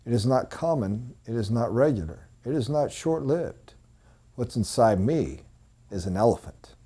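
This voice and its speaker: A man's voice: mid-range voice, lively intonation, normal speed, dark tone, slightly rough. A man voicing a proud, solemn elephant mother.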